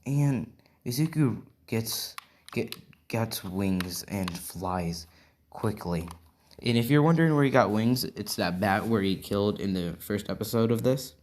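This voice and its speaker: A man improvises a fan-fiction story, wandering from point to point and checking in with his listener as he goes. He talks slowly in a lowish voice, and faint keyboard typing sits under his words. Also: animated, darkish tone, a little hiss or hum. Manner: rambling, constantly checking in with "right?".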